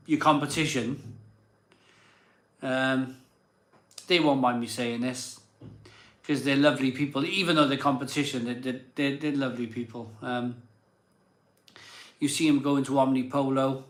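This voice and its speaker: A man's voice: mid-range voice, fairly even intonation, normal speed, roomy sound. A slightly drunk man, hosting a live beer show in rambling casual chat. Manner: rambling and self-doubting, many fillers and restarts. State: a bit drunk.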